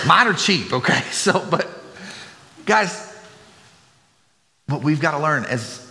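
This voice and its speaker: A man's voice: mid-range voice, bright, forceful tone, a little hiss or hum. A middle-aged man, preaching a sermon as a pastor, chatty and full of joking asides to the congregation. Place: church sanctuary. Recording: long hall reverb, faint room ambience.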